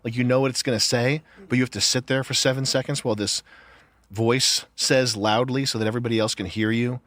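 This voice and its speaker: A man's voice: mid-range voice, steady tone, brisk, fairly bright tone, no echo. A man in a casual podcast chat, ranting with profane disbelief into a close mic. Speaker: show co-host.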